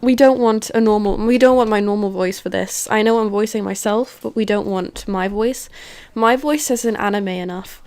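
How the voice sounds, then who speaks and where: A woman's voice: on the high side, darkish tone. A woman streamer chatting casually and playfully through a game, often poking fun at herself. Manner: chatty, self-mocking and playful. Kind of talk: casual gaming livestream chat.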